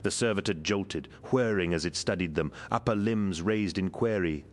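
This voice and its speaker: A man narrating an audiobook in a steady, measured way. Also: low-pitched.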